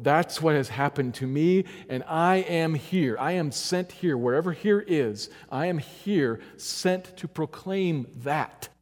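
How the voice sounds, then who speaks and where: A man preaching a sermon, earnest and emphatic, moving between loud urging passages and quiet, low ones. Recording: long hall reverb.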